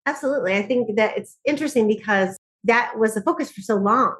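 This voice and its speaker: A middle-aged woman, a podcast guest who speaks on joy and laughter, telling stories in lively conversation and often laughing. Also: fairly high pitch, quick pace. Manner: animated storyteller, often laughing.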